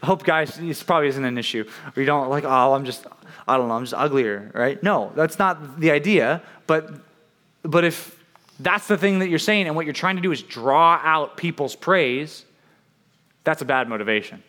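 A man's voice: on the high side, normal speed, sharp tone. A man preaching to young people in a conversational way, often asking "right?" and acting out the voices he quotes. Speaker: youth preacher.

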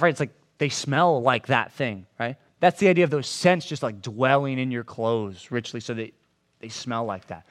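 Preaching to a congregation in a room, a pastor talks conversationally in a mid-range voice. He often checks in with "right?" and performs quoted lines in altered voices.

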